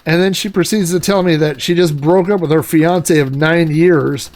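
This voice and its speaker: A man's voice: a little high, steady tone, moderate pace, darkish tone. A middle-aged man hosting a retro gaming show, telling a casual, rambling story with many fillers while he plays. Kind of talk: casual anecdote while playing a game.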